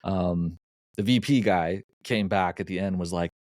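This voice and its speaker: Deep-voiced man telling a story. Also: moderate pace, dry recording, clean studio sound. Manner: animated anecdote-telling with frequent restarts. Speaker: podcast guest. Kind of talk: casual storytelling.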